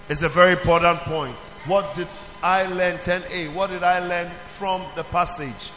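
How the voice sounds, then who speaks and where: A man with a high voice leads a children's church through its lessons, firing questions and waiting for the answers. He calls on the group again and again. The sound carries a long reverb from a large hall. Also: moderate pace. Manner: animated, questioning the audience, calling for answers. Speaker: pastor teaching children. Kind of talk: call-and-response teaching to a children's church.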